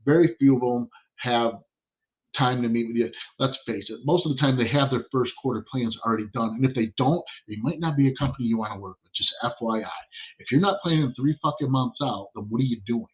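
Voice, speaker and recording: A man's voice: medium pitch, brisk. A man hosting a casual monologue, telling stories in a blunt, profane way and swearing often. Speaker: podcast host. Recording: tinny phone-like sound.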